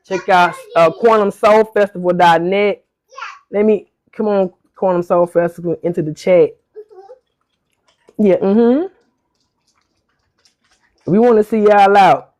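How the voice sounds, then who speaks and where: A woman hosting a casual online podcast chat, relaxed and teasing in a colloquial way. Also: mid-range voice, takes it slowly, long pauses. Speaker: podcast host.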